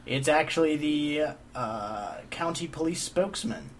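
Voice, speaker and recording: A man's voice: a little high, lively intonation, measured pace, vocal fry, slight background noise. Wry man hosting a comedy podcast. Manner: jokey, wry, leads segments. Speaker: podcast host. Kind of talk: casual comedy chat.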